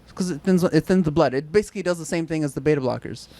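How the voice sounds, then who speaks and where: A man's voice: a little high, rapid-fire, warm tone. A man co-hosting a podcast in casual chat, rambling with many fillers. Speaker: podcast co-host.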